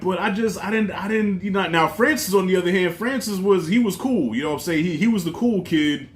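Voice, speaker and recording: A man with a fairly high voice, reviewing a film in a relaxed vlog. He rambles through his thoughts, swears freely and keeps the talk loose. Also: brisk, few pauses. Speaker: movie reviewer. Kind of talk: casual movie review vlog.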